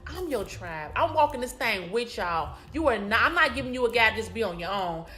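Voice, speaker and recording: A woman's voice: fairly high pitch, animated, brisk. Chatty woman hosting a live stream. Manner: warm, repetitive and affectionate toward viewers, lots of "y'all". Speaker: motivational speaker hosting a live broadcast. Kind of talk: casual live-stream talk to viewers.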